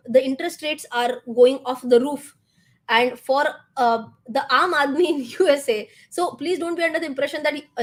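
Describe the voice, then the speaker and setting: Animated Indian woman hosting a finance livestream. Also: a little high. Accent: Indian English. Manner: animated, mixes in Hindi words, quizzes viewers. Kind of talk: live market commentary.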